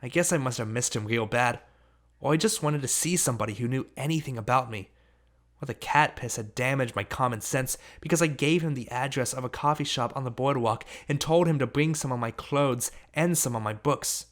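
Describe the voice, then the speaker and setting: A man reading an audiobook, narrating a story in steady first person. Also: mid-range voice, fairly quick. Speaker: audiobook reader.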